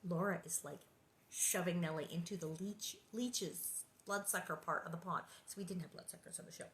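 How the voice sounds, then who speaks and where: A woman's voice: lowish voice, fairly even intonation, normal speed, slight background noise. A woman hosting a read-aloud of a children's book, narrating and breaking off for chatty, amused asides.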